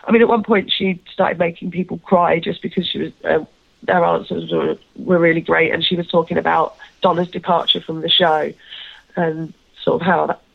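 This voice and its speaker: A woman's voice: fairly low pitch, steady tone, moderate pace, vocal fry, husky, dry recording. A woman chatting casually as a podcast co-host, rambling and self-deprecating, with lots of fillers and restarts. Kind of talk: casual chat recounting a convention. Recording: tinny phone-like line.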